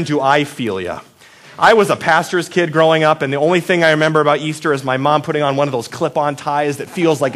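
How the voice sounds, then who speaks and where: Man, pastor, casual sermon, joking, conversational, slightly high voice, keeps asking "right?". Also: a bit bright. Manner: asks the audience reflective questions.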